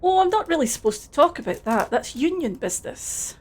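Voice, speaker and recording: A woman's voice: high-pitched, very animated, fairly quick, pitched above the performer's own voice. A woman with a Scottish accent voicing a simple, friendly, cheerful male dockworker, reading game dialogue aloud. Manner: cheerful, chuckling.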